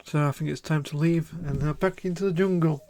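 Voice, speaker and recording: Higher-voiced man streaming a game. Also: steady tone, dark tone. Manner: halting, repeats words while reading. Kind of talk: casual game stream, reading text aloud.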